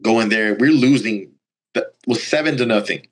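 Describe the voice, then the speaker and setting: A young man from Brazil, telling stories as a guest in a casual interview, animated and full of "like" and "you know". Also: on the low side, moderate pace. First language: Portuguese. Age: young adult. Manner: animated, acts out quoted lines, filler-heavy. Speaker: college baseball player, guest. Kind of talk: casual storytelling.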